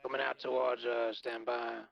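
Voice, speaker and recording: A man's voice: medium pitch, flat delivery, normal speed, creaky, highs cut off. A man playing a police officer in a roleplay game, giving terse, clipped radio call-outs.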